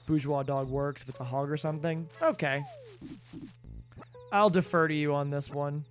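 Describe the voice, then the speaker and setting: A man's voice: on the high side, steady tone, moderate pace, soft background music. Rambling man streaming a game. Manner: rambling, self-deprecating, answers chat. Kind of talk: casual live-stream chat while gaming.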